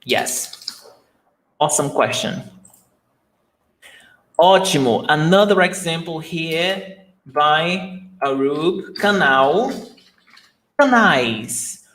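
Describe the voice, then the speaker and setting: Guy teaching online, talks real slow, voice a bit high, repeats stuff and quizzes the class. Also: animated, a bit bright, rough recording. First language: Portuguese. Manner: patient, repeats words slowly, asks students questions. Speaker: Portuguese teacher. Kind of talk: live online lesson.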